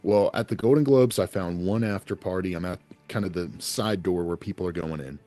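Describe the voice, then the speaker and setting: A man talking as a podcast guest, telling animated anecdotes in a casual way and laughing often. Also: low voice, fairly quick, soft background music. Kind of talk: casual storytelling chat.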